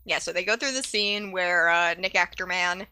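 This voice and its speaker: A woman's voice: on the low side, steady tone, normal speed, sharp tone, clean tone, dry recording. A woman co-hosting a podcast in casual chat, joking wryly and laughing often. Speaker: podcast co-host. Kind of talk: casual chat recapping a cartoon.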